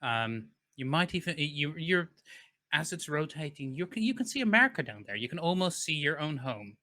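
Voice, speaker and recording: A man narrating a tabletop game as game master, in an unhurried way, with frequent ums and self-corrections as he builds the scene. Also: a little high, very animated, pushed and bright.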